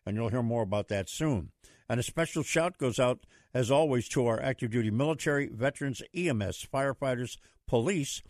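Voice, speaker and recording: A man hosting a political talk radio show, delivering with a booming, theatrical announcer style. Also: darkish tone, no room sound, studio quality.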